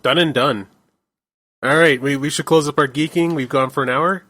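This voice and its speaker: Relaxed, higher-voiced man wrapping up a podcast. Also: moderate pace, dry recording. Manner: relaxed, stumbling over words. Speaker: podcast host. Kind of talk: casual chat.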